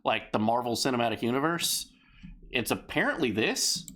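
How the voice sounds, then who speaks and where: A man co-hosting a live stream, chatting casually, excitable and profane, laughing often. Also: medium pitch, normal speed. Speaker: stream co-host.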